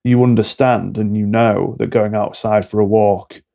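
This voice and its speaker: As a podcast guest, the alcohol-free coach talks openly and acts out little dialogues to clarify his points. His lowish voice is warm and creaky, with a steady tone at normal speed.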